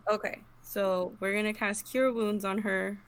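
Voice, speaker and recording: A woman playing a tabletop game, talking in a measured, deliberate way. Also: mid-range voice, level tone. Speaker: player. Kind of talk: casual tabletop game chat.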